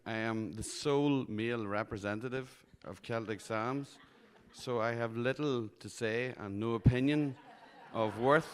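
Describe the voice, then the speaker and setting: A man from Northern Ireland with a Northern Irish accent, a musician introducing himself with dry, self-deprecating humor on a handheld mic. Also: medium pitch. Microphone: handheld microphone.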